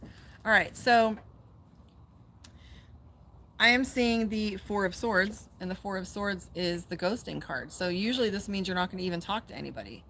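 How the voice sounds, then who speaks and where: A woman gives a casual tarot reading on a live stream. She is chatty and swears freely, and her voice sits in an ordinary middle pitch. Clear traffic noise and outdoor ambience run behind her. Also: normal speed, long pauses, fairly bright tone. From Las Vegas, USA. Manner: chatty, profane, breaks off to talk to her dog. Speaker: tarot reader and psychic. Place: outdoors by a pool.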